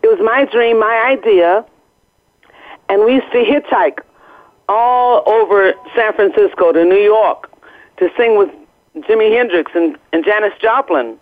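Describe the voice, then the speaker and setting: A woman's voice: medium pitch, unhurried. An older woman, a guest singer, chatting candidly on a phone call from outdoors and laughing often. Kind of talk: casual chat by phone. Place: outdoors, planes overhead. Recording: tinny phone line.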